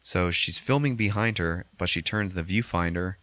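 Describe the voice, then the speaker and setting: A man hosting a podcast, recapping a movie in a casual, animated way with constant swearing. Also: low voice, moderate pace, no room sound. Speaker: podcast host.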